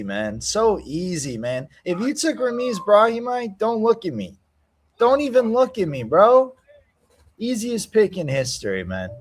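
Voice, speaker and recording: A young man hosting a casual live stream, trading slangy trash talk and cheering loudly at fight moments. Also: a little high. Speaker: stream host.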